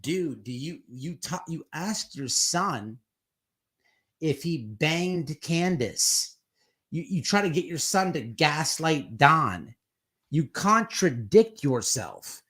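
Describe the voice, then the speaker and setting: A man talking in a fairly high voice, hosting a live stream with casual commentary. He rambles and swears freely. He often slips into quick put-on voices to act out what others said. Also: big pitch swings, a bit bright.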